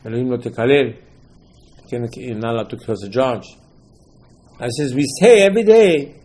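A man's voice: mid-range voice, darkish tone. A man teaching Torah in a sermon, emphatic, repeating phrases and speaking English in non-native phrasing. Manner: emphatic, repeats phrases, quotes texts in dialogue.

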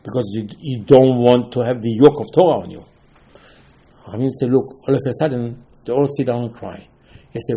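A man teaching a Torah lecture in halting English, repeating phrases for emphasis. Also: mid-range voice, darkish tone.

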